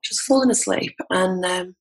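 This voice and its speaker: This English transformation coach, a podcast guest, tells a personal story honestly and warmly, laughing between lines. Her fairly low voice is breathy at the edges and moves at a moderate pace over poor audio.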